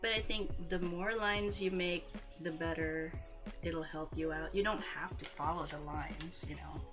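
A woman's voice: on the low side, fairly even intonation, measured pace, music in the background. A woman streamer chatting casually with viewers while she paints, often giggling between remarks. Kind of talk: casual livestream chat.

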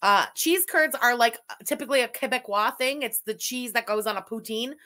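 A woman's voice: a little high, a little fast, bright, forceful tone. A woman from Canada giving profane, sarcastic commentary while reacting to a video. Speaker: commentary streamer.

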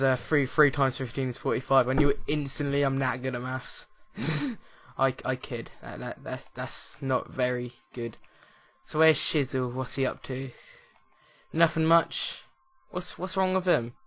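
A man's voice: medium pitch, fairly bright tone. A young man giving casual, rambling, jokey commentary while playing a video game. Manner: rambling, jokey, with many restarts. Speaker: let's play host.

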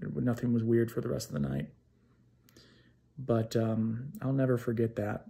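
A man casually telling a true ghost story to camera, acting out the dialogue with lively energy. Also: mid-range voice, moderate pace, gravelly. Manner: animated, acts out quoted dialogue.

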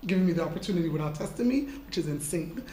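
A woman's voice: on the low side, animated, rapid-fire. A woman in her forties tells stories about her career on stage at a live talk. She is chatty and laughs easily, her words full of fillers. The hall around her is roomy, with a faint hum of background sound. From Canada. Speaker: guest model in an artist talk. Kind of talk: casual storytelling interview. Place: event room with an audience.

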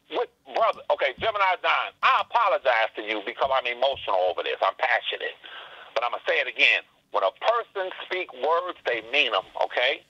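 A man's voice: on the high side, pushed and bright, breathy edge, dry recording, muffled recording. A man calling in to a live stream, ranting angrily and swearing, repeating his points. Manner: angry, swearing, repeats himself. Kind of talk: heated call-in rant.

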